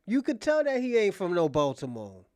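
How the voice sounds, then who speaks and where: A man's voice: high-pitched, normal speed, dry recording. A man hosting casual commentary, talking bluntly with profanity. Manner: blunt, profane, animated storytelling. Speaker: host.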